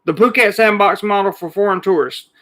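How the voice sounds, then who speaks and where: A man's voice: high-pitched, fairly quick, a bit bright. A man hosting a casual live chat, greeting viewers by name one after another before reading his topics. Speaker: livestream host. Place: Thailand.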